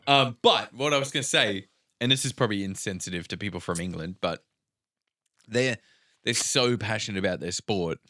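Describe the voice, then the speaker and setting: Young aussie bloke yarning on a podcast, low-ish voice, swears a lot. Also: male voice, normal speed, bright, forceful tone, no echo, studio quality. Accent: Australian. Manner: laid-back storytelling with swearing. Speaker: podcast co-host. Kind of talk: casual podcast chat.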